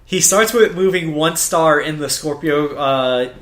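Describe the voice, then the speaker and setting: Animated man in an echoey room. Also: fairly high pitch, a little slow, a loud crowd. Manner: animated, acts out characters' lines in loud exaggerated bursts. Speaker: podcast co-host. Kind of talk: casual chat.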